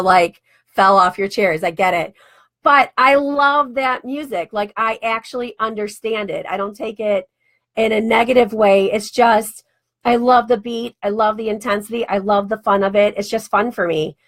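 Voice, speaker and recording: A woman in her forties, a radio host and life coach, telling a personal story in a chatty, animated way and acting out bits of dialogue. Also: medium pitch. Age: 40s. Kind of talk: casual storytelling monologue.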